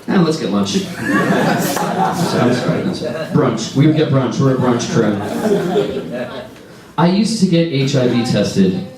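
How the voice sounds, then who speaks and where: A man in his forties doing a stand-up comedy set, wry and deadpan with lively storytelling. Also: mid-range voice, unhurried, pauses often, a crowd in the background. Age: 40s. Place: comedy club stage. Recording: echoey club sound from a distance. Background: audience laughter.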